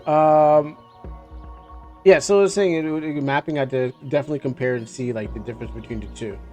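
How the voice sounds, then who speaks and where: A man's voice: fairly high pitch, fairly even intonation, a little fast, darkish tone, soft background music. A man streaming a game live, chatting and commenting with many restarts.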